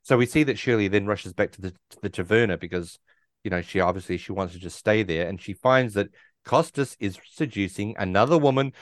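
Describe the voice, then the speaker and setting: A man with a lowish voice chats casually about a film, recounting scenes and slipping into characters' lines. The recording is dry and close. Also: brisk, no echo. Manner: retells scenes, acting out lines. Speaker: film podcast co-host.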